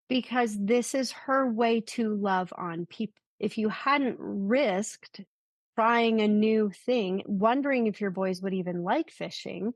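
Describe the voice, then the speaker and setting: A woman on a podcast talks earnestly and conversationally about her own life. Her voice sits at a middle pitch in a dry, close recording. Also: slow pace, no room sound. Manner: earnest, gives examples. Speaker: podcast co-host. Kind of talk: casual conversation.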